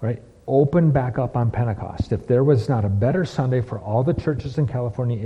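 A man's voice: mid-range voice, a little fast, slightly rough. A man preaching a sermon, full of repeated phrases and rhetorical questions. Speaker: pastor. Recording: dull lo-fi with long hall reverb.

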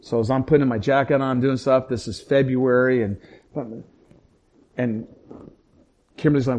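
A middle-aged man, a pastor, telling a painful personal story in conversation, acting out the dialogue and swinging from hushed, low tones to loud, raised outbursts. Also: steady tone, moderate pace, long pauses. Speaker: pastor and police chaplain.

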